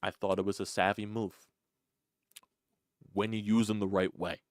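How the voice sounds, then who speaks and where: In clean studio sound with no room tone, a sports channel host delivers an exasperated, repetitive rant reacting to the game and mocks others in a put-on voice. He speaks at normal speed in a lowish, level voice.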